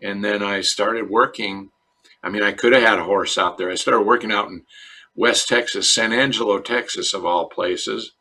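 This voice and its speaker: A middle-aged man from Chicago, a dentist answering interview questions in a relaxed, storytelling way. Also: lowish voice, normal speed. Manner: relaxed storyteller, acts out quoted voices. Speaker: dentist guest.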